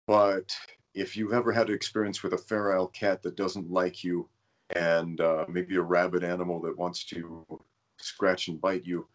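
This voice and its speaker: In a low, level and unhurried voice, a man hosting a podcast spins a wandering story in casual conversation. He stumbles now and then and is self-aware about his stuttering.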